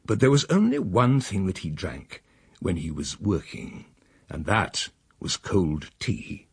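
A man reading a story aloud in an expressive, wry manner. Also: slow pace, slightly rough, no room sound. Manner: expressive, sweeping pitch, wry. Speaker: narrator. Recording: dry close recording.

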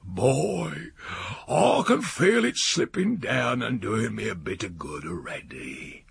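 Storybook old countryman, gravelly drawl, unhurried and sly, as a male reader puts him on. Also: medium pitch, sing-song, full character voice. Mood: rambling. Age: older. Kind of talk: audiobook reading.

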